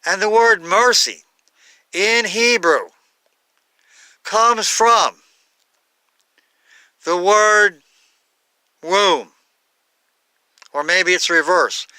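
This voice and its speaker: A man giving an unscripted Bible talk, halting, with many fillers and self-corrections. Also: high-pitched, sharp tone, smooth, no room sound. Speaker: Bible teacher.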